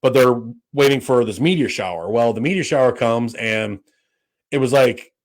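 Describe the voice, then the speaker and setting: A man's voice: medium pitch, moderate pace. A man co-hosting a podcast, chatting casually in a rambling way with many fillers and restarts, and swearing freely. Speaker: podcast co-host. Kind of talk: casual chat.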